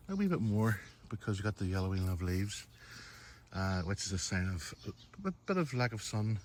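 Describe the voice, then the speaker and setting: Low-voiced Northern Irish man touring his garden. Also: slight background noise. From Northern Ireland. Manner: chatty, keeps addressing viewers as folks. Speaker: garden vlogger. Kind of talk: casual walk-through garden tour. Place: outdoors in a garden. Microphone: phone camera held while walking.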